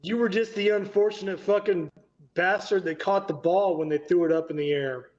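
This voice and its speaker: A man's voice: sits high, moderate pace, darkish tone, highs cut off. A man hosting a casual live stream chat, blunt and swearing freely on an online call.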